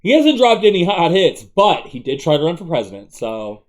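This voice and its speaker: A man's voice: fairly high pitch, sing-song, moderate pace. Joking, rambling male podcast co-host. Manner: joking, rambling, puts on impressions. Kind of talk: casual profane banter.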